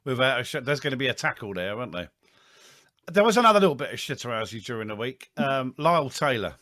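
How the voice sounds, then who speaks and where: A man's voice: medium pitch, big pitch swings, fast, bright, forceful tone, no room sound, clean studio sound. A man co-hosting a casual football podcast, chatty and enthusiastic. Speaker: podcast co-host.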